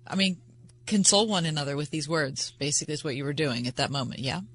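Quick, bright female radio co-host. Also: low voice, lively intonation, slightly rough. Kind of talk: radio talk show hosting.

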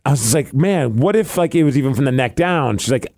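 A man's voice: medium pitch, animated, quick pace, darkish tone, dry recording, studio quality. A man hosting a podcast, telling stories in a casual, rambling way and acting out what others said. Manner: rambling storyteller, acts out quotes. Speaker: podcast host.

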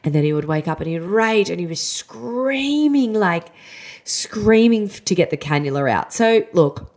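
A woman's voice: mid-range voice, animated, measured pace, darkish tone. A woman, a mum podcaster, casually and candidly telling a personal story with a chatty, self-deprecating manner.

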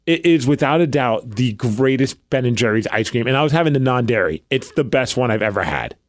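Speaking fairly quickly in a medium-pitched voice, a thirty-something man co-hosting a podcast tells stories with lots of energy and frequent laughter in a relaxed chat. The studio-quality audio has no room sound.

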